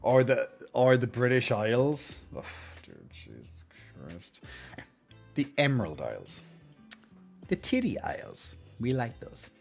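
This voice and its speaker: A man's voice: mid-range voice, very animated, slow pace, creaky, faint music behind. A man streaming live, chatting casually in a joking, rambling way and swearing freely.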